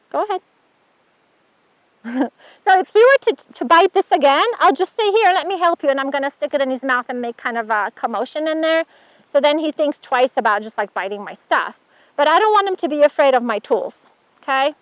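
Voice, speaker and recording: A woman's voice: high-pitched, a bit bright, dry recording. A woman instructor giving a chatty hands-on horse handling demonstration, praising the horse as she works. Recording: dull dry sound.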